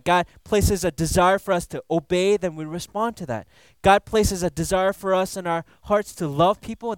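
A man's voice: fairly high pitch, smooth, dry recording. A man preaching a conversational Bible teaching sermon, casual and playful, tossing in "you know" and "right?" asides. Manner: playful, laughs at his own jokes.

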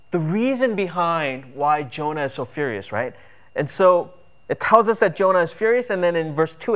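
A man's voice: on the high side, animated, moderate pace, a bit bright. A man preaching a sermon earnestly, with emphatic build-ups on key points. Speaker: pastor.

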